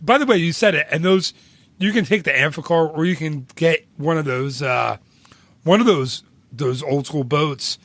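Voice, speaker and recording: A man's voice: on the high side, normal speed, a bit bright, no room sound. A man co-hosting a travel podcast, chatting casually in an enthusiastic, rambling way. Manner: enthusiastic, rambling, laughs often. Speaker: podcast co-host. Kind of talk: casual chat.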